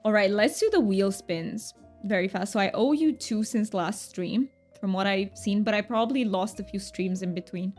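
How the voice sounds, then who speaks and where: A woman's voice: medium pitch, moderate pace, hardly any pauses, a little mellow, faint music behind. A woman streamer chatting casually while gaming, reading her chat aloud, answering viewers and laughing often.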